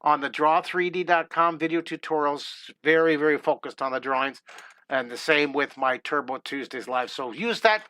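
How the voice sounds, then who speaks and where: A man's voice: a little high, normal speed, pushed and bright, dry recording. A middle-aged man teaching a live drawing lesson, chatty and enthusiastic. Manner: upbeat, chatty, enthusiastic with exclamations.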